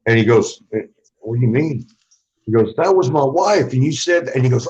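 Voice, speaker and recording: A former wrestler, appearing as an interview guest, rambles casually through his stories, swearing freely and acting out what other people said. His male voice sits mid-range and moves fairly quickly, with a slightly mellow, husky quality on a lo-fi recording.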